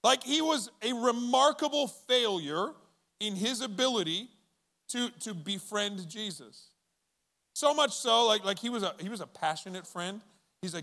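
A man delivers a sermon to his congregation with a loose, conversational energy, slipping into acted-out lines of dialogue. His voice sits fairly high for a man and moves between easy chatter and quieter, earnest stretches. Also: unhurried. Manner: conversational and animated, acting out quoted voices. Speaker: pastor. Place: church auditorium with audience.

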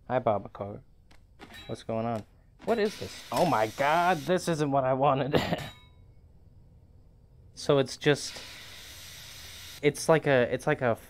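A man's voice: mid-range voice, lively intonation, takes it slowly, long pauses, a little hiss or hum. A man hosting a gaming channel, giving chatty, rambling commentary as he plays, laughing often. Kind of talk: casual game commentary.

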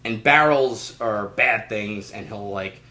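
A man co-hosting a casual podcast chat, animated and profane, breaking into loud mocking impressions. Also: lowish voice, slow, echoey room. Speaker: podcast co-host.

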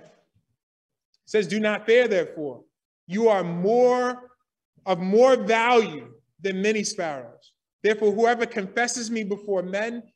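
A man's voice: high voice, far from the mic. A man preaching a sermon in church, emphatic, often asking the congregation "right?".

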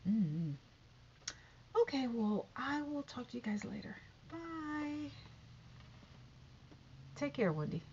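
A woman's voice: high-pitched, takes it slowly, long pauses, slight background noise. A woman rambling through a casual opinion vlog about a talk show, full of fillers and asides. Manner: rambling, animated, many fillers. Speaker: YouTuber commenting on a talk show. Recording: dull lo-fi recording.

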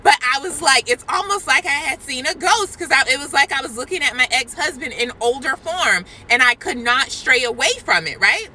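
A woman vlogger casually telling her faith testimony, animated and speaking straight to her viewers. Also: high-pitched, moderate pace, few pauses, slight background noise, rough recording. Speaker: Christian vlogger sharing a prophetic word.

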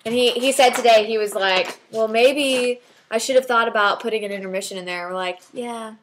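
A woman's voice: on the high side, a little fast, fairly bright tone, a little hiss or hum. A young woman co-hosting a casual vlog, chatting and telling stories, acting out quotes with laughs. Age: young adult. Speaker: vlog co-host. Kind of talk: casual chat.

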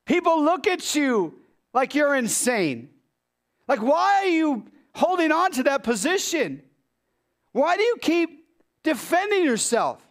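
A male pastor preaches slowly and animatedly, throwing out rhetorical questions. He suddenly drops into a low, quiet voice for emphasis.

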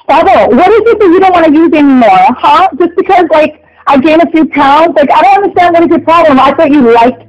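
A woman's voice: high-pitched, lively intonation, fairly quick, few pauses, darkish tone. A woman voicing a hurt, angry woman who feels unwanted, ranting in a whiny, rambling, profane way. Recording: dull lo-fi sound.

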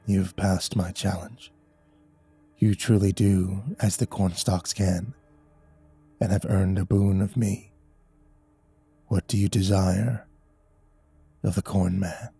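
A man voicing a hulking male creature of corn husks and roots, with a slow, hushed, whispery voice like wind through corn stalks. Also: deep voice, steady tone, vocal fry, slightly rough, no echo, faint music behind, pitched below the performer's own voice, full character voice. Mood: ominous hush.

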